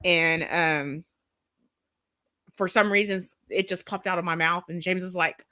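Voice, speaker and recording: A chatty woman with a Texas accent, co-hosting a casual live stream. Her voice is bright and forceful, recorded close and dry, and she rambles from one thought to the next. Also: lowish voice, moderate pace, no room sound. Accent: Texan. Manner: chatty, rambling, laughs often.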